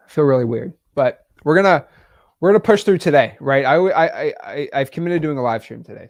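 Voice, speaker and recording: Emotional, halting man on a live stream. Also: fairly high pitch, animated. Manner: halting, repeats words, sighs, swings between loud and quiet.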